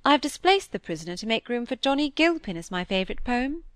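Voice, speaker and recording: A woman reading the part of a witty, playful young Victorian woman, light and teasing, a little higher in pitch. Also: big pitch swings, quick pace, clear, resonant tone, dry recording, studio quality. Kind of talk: audiobook character reading.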